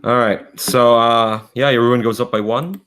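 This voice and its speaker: A man running a tabletop game as game master, narrating in a rambling, halting way full of fillers and restarts. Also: mid-range voice, steady tone, a bit bright, smooth.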